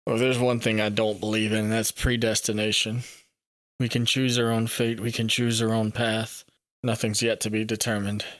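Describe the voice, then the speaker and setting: A man's voice: fairly low pitch, level tone, normal speed, a bit bright, dry recording. A man playing his character in a tabletop game, speaking in a reassuring, upbeat way. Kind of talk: casual in-character play.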